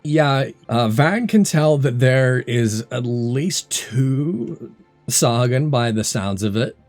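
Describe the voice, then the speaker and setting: A man running a tabletop game as dungeon master, talking in a relaxed, hesitant way with many fillers. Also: medium pitch, slow, soft background music.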